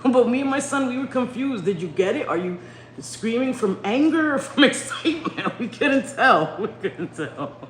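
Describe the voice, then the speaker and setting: A middle-aged woman chatting casually on a home live stream, loud and swearing, laughing a lot. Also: a little high, lively intonation, moderate pace. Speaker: livestream host. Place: home bedroom at night. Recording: echoey room with faint noise.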